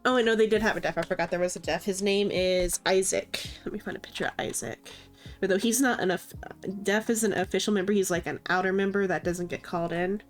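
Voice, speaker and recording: A woman's voice: medium pitch, fairly even intonation, fast talker, few pauses, faint music behind. A woman streaming live with a congested, stuffy voice, rambling casually and leaning on filler words. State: congested, sniffling. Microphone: desk microphone, mutes to sniffle.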